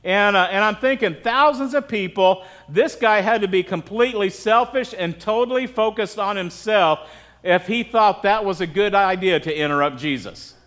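High-voiced American pastor, chatty sermon. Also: male voice, moderate pace, fairly bright tone. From United States. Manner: conversational, asks the crowd "right?" often.

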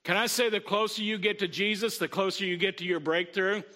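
Pastor, male, middle-aged, high and bright, chatty sermon full of call-outs. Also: fairly even intonation, fairly quick. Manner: conversational preaching with frequent "Amen?" call-outs.

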